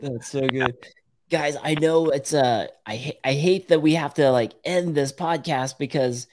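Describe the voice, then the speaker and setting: A man's voice: on the high side, unhurried, darkish tone. A man hosting a casual podcast chat, laughing often and asking easygoing questions. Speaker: podcast host.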